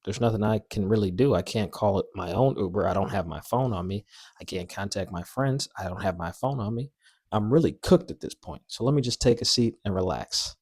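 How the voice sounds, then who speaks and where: A man's voice: on the low side, fairly quick, no echo, studio quality. Slangy young man telling a wild story. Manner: animated, slangy, self-mocking. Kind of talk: casual story time.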